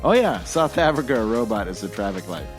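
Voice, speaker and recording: A man's voice: on the low side, big pitch swings, brisk, faint music behind. A man hosting a podcast alone, talking in a casual, jokey and rambling way. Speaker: podcast host.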